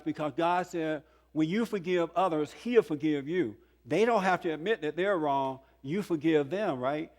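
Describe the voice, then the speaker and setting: An older man in his sixties tells his own story to a conference audience. His voice sits a touch high for a man, and he speaks earnestly, with chuckles and emphatic peaks. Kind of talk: testimony talk to a conference audience. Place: conference hall.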